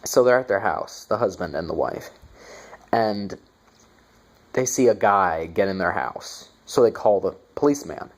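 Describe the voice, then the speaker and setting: A man's voice: on the low side, animated, measured pace. A young man giving a casual movie review, sarcastic and profane, with mocking asides.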